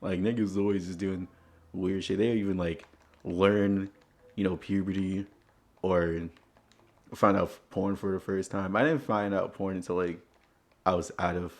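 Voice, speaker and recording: Young guy, real deep voice, loose rambly podcast talk w lots of likes. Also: fairly even intonation, normal speed, a little mellow. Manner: rambling, filler-heavy storytelling. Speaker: podcast host. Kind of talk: casual chat.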